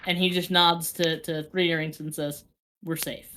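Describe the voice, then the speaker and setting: A woman's voice: lowish voice, flat delivery, moderate pace, pushed and bright, slight background noise. Chatty woman running a tabletop game. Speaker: game master.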